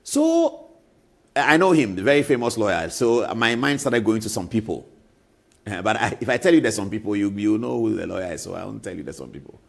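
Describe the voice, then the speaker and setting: A man's voice: on the low side, sing-song, brisk, creaky. A middle-aged Ghanaian man hosting a talk show, telling a story with emphasis and repeating names for effect. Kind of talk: animated storytelling commentary.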